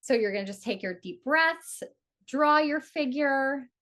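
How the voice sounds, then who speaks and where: Woman, higher voice, lively host-teacher for a live group, acts out inner voices. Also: unhurried. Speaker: astrologer hosting a live community event. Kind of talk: energetic teaching talk with guided ritual.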